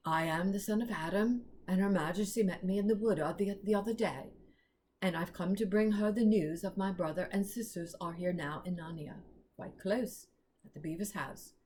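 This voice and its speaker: A woman's voice: medium pitch, normal speed, darkish tone, slight background noise, lightly acted. A woman voicing a frightened young boy who trembles and stumbles as he speaks in a storybook reading. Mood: pleading.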